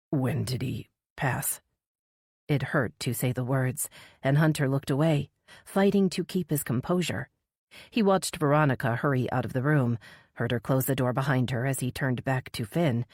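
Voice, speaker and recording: A woman narrating an audiobook in a measured, steady way. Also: rumbling low, no room sound, studio quality. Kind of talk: scripted narration.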